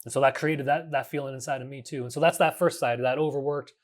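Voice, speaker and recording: A man in his thirties, speaking at a middle pitch, hosts a reflective solo podcast. He talks earnestly and haltingly, often restarting his sentences and dropping casual curses. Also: steady tone. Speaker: podcast host.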